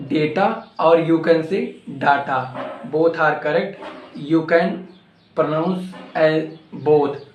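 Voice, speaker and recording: A man teaching pronunciation, repeating single words slowly in a drill. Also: on the high side, darkish tone, a little hiss or hum. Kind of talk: pronunciation lesson to camera. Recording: echoey room.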